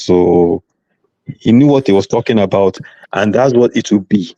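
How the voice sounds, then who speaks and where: A man's voice: fairly low pitch, moderate pace, mellow, no room sound, dull audio. A man arguing insistently on a live political panel, talking over others and repeating himself. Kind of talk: heated live panel debate.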